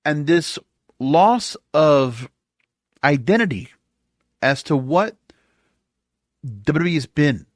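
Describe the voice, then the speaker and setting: A man with a somewhat high voice rants sarcastically into a close mic, throwing out exasperated rhetorical questions as he hosts his solo podcast. The sound is dry, with no room around it. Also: very animated, slow, long pauses, no echo. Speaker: wrestling podcast host. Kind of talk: opinionated solo podcast rant.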